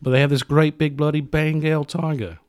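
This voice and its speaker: A man's voice: a little high, level tone, moderate pace, darkish tone, dry recording, clean studio sound, natural voice. A man voicing a boastful male rock roadie telling a tall tale in a put-on British accent that drifts toward Australian. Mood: deadpan bragging.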